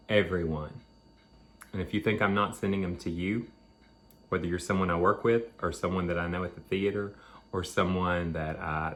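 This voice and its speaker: A man's voice: low voice, a bit bright, slight background noise. A man hosting a home video, chatting casually and rambling between bites of food. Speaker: vlog host. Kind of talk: casual chat while eating.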